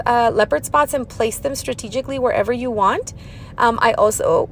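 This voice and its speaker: A young woman hosting a crafting tutorial in a chatty voiceover, talking fast and bubbly with silly sing-song asides. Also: sits high, a little hiss or hum.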